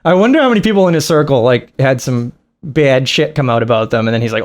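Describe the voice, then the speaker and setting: A man's voice: medium pitch, expressive, quick pace. A man giving casual, crude, mocking reaction commentary with frequent laughing asides.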